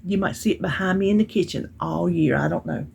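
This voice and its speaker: Speaking fairly quickly in a fairly low, slightly mellow voice with vocal fry, this woman vlogger tells stories while going over purchases and mail deliveries at home. It's a relaxed haul chat with Southern-style grammar, and a bit of background noise can be heard.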